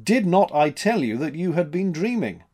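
Man doing a gruff sea captain, brusque and bossy, husky lively voice. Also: fairly high pitch, moderate pace, voice pushed up. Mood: skeptical. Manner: brusque, commanding.

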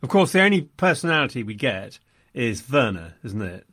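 Lively wry man. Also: mid-range voice, moderate pace, no room sound, clean studio sound. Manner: wry, mock-indignant. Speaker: film podcast co-host. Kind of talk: casual film discussion.

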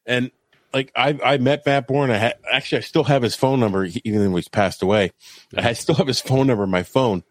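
A man's voice: mid-range voice, fairly quick, no echo. A man who used to wrestle professionally, chatting on a podcast, telling stories with frequent laughs and stammered restarts. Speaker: former pro wrestler. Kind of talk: casual podcast chat.

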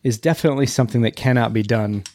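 A man's voice: medium pitch, rapid-fire, a little mellow. A man co-hosting a casual remote podcast, rambling and joking along with his partner. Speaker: podcast co-host.

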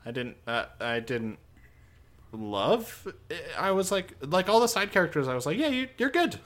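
A man's voice: medium pitch, animated, measured pace, fairly bright tone. A man co-hosting a casual movie review chat, enthusiastic and easygoing. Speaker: podcast co-host.

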